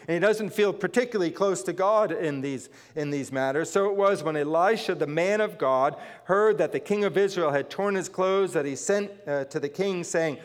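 Preacher man in a reverberant hall. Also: high voice. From northern New Jersey. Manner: conversational, asides, reads scripture aloud. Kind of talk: sermon. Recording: long reverb of a large hall.

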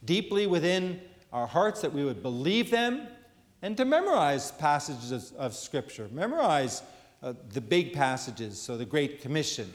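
A middle-aged male pastor giving a conversational sermon, quoting scripture and pausing on fillers. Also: high-pitched, very animated, long reverb tail. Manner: conversational preaching, quotes scripture, frequent fillers.

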